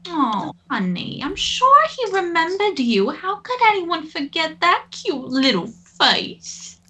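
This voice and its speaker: A woman's voice: extremely high pitch, big pitch swings, sharp tone, exaggerated voice. A woman playing a gushing, smothering stage mother. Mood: cooing. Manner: gushing and smothering, slow cooing delivery. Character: doting, pushy middle-aged stage mother. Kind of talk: improvised tabletop role-play.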